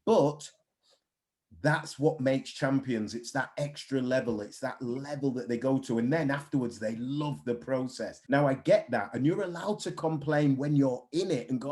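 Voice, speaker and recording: A man's voice: a little high, normal speed. A man, a mindset coach speaking bluntly and animatedly in a casual interview. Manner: blunt, animated storytelling with swearing.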